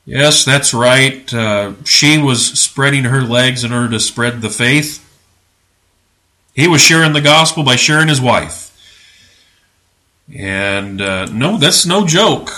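A male podcast host delivering religious commentary with a bright, forceful voice. He talks in a sarcastic, preachy way and leans hard on his points with indignant emphasis. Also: mid-range voice, takes it slowly.

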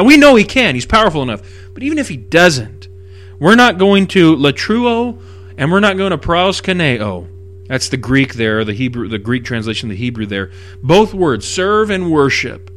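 Male Bible teacher, slightly high voice, emphatic and animated, alternates scripture reading with casual commentary.

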